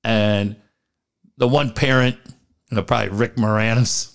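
A man's voice: lowish voice, unhurried, gravelly, long pauses, clean tone. A middle-aged man co-hosting a podcast, telling profane stories in casual chat and acting out quotes. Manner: animated, profane storytelling with acted-out quotes. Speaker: podcast co-host.

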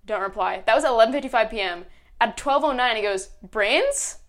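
A woman's voice: on the high side, fast. A young woman co-hosting a podcast, telling stories in casual chat and acting out old text messages. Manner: animated storyteller, acts out old text messages. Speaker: podcast co-host.

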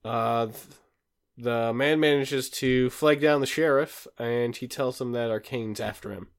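A man's voice: medium pitch, measured pace, clean tone. A man co-hosting a podcast, casually recapping a TV episode with many fillers. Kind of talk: casual chat.

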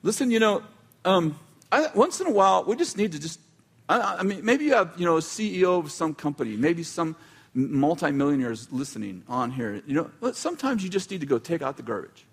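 A man with a notably high voice delivers a relaxed, chatty sermon. He stops and restarts his sentences and drops in dry asides as he goes. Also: fairly quick, vocal fry, husky. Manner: casual, self-interrupting, with wry asides. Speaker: preacher. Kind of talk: conversational sermon.

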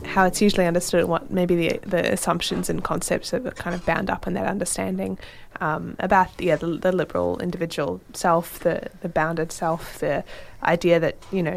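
A woman co-hosting a discussion, speaking in a careful, measured way and reading a long passage aloud slowly. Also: on the low side, creaky, slight background noise. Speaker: podcast co-host.

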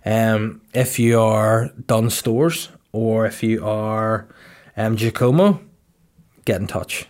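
A man's voice: on the low side, steady tone, slow, a little mellow. A man, hosting a podcast in casual, rambling chat that runs on jokes and swearing. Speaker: podcast host. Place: podcast studio.

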